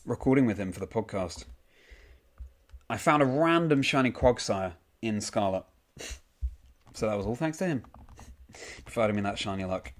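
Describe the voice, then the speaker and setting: A young man streaming a game, casually reading out and answering chat messages with frequent ums. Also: mid-range voice. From United Kingdom.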